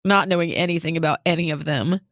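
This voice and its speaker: A low-voiced woman talks fast in clean studio audio with no room sound. As co-host of a casual talk show, she animatedly narrates a personal story, performing other people's lines with bursts of nervous laughter.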